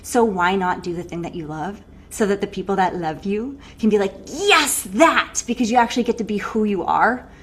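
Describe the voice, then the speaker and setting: A woman breathwork coach giving an animated, casual live online workshop, swearing freely and laughing often. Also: medium pitch, brisk.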